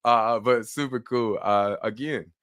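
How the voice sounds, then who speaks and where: A man's voice: medium pitch, measured pace, clear, resonant tone, no echo. A man hosting a live online summit, talking casually with lots of fillers and restarts. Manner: animated, chatty, many fillers and restarts. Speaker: summit host.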